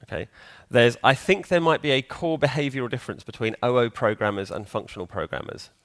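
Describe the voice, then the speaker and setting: A man's voice: medium pitch, fairly quick. A man giving a live conference talk in a hall, chatty and joking, quizzing the audience. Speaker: conference speaker.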